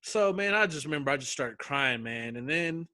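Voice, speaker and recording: A man's voice: fairly high pitch, animated, normal speed, pushed and bright, dry recording, clean studio sound. A young man telling a survival story in casual chat, acting out quotes with slang and swearing.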